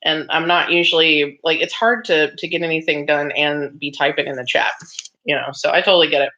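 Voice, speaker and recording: A woman's voice: deep voice, brisk, bright, forceful tone. Chatty woman livestreamer, slightly muffled. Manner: chatty, reads out viewer comments and answers them; frequent laughs and filler ums. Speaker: livestream host. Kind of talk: casual livestream chat. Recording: slightly dull lo-fi sound.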